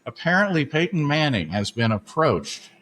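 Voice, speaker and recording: A man's voice: on the high side, very animated, normal speed, a bit bright. A man hosting a sports podcast in casual chat, chatty and full of "uh" fillers. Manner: chatty, many "uh" fillers, laughs at his own asides. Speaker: podcast host.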